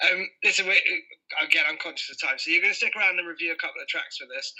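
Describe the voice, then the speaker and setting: A man's voice: on the high side, pushed and bright, low-quality recording. A man hosting a radio show, talking in a rambling, casual way with lots of fillers. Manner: rambling, quick, full of fillers. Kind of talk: casual chat.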